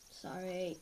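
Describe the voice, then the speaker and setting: A woman with a cold, sniffling as she reviews slime in a chatty, excitable way at home, often gasping and exclaiming. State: has a head cold, sniffling. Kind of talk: casual unboxing chat. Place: at home, filming on the floor. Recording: loud background noise and clicks.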